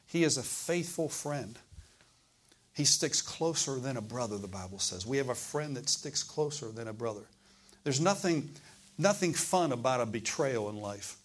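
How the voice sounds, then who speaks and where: During a church service, a pastor preaches at medium pitch and normal speed with lively intonation. He asks the congregation questions and swings between loud and hushed delivery.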